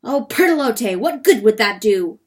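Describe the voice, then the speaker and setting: A woman's voice: a little high, animated, unhurried, darkish tone. Woman voicing a tormented male rooster. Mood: weary. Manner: strained, anguished.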